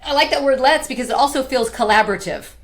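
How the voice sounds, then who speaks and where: A woman's voice: high voice, quick pace. A woman hosting an interview over a video call, affirming and encouraging her guest. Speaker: host. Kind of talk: casual interview.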